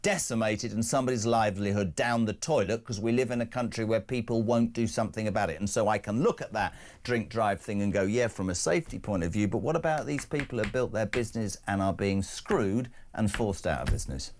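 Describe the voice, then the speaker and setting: A man's voice: lowish voice, brisk, hardly any pauses, darkish tone. A man with an English accent hosting a breakfast talk show, blunt and indignant, with joking asides. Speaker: radio and TV breakfast show host. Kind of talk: opinionated talk radio chat.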